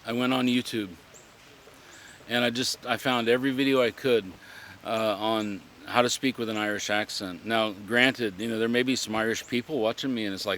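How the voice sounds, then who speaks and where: A man, a living history reenactor, talking in a reflective interview in an earnest, halting way as he searches for words. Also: medium pitch, fairly bright tone, a little hiss or hum.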